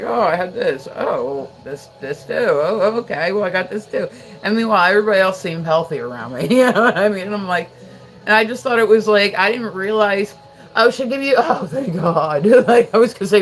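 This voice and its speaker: A woman hosting a livestream, chatting casually with viewers, rambling with lots of fillers and frequent laughter. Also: medium pitch. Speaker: livestream host.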